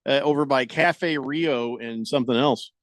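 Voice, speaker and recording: A man's voice: mid-range voice, normal speed, dry recording, clean studio sound. A man hosting a radio show, joking and reading listener comments aloud in casual banter.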